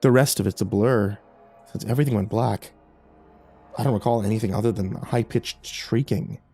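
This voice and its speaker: A man narrating a first-person horror story in a measured, tense way. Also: fairly low pitch, steady tone, creaky, mellow, breathy edge, soft background music.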